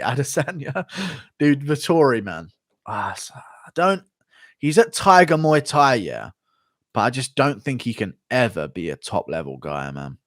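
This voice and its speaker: A young man streaming live, cursing freely and flaring up into rants between donation thank-yous. His voice sits at an ordinary middle pitch and comes through dry and close, with no room sound. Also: animated, a bit bright, no room sound. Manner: profane, ranting, quick to flare up. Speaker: livestream host. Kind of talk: casual livestream chat reading donations.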